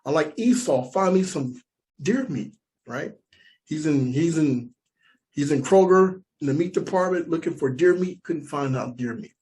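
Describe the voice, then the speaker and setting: A man with an American accent telling a stand-up story, animated and repeating lines for emphasis. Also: a little high, moderate pace. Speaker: stand-up comedian.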